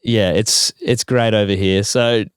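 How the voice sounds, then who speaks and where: Male co-host, smooth clear voice, deadpan sarcasm, dry sound. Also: lowish voice, a little slow, no room sound. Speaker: podcast co-host. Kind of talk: casual chat.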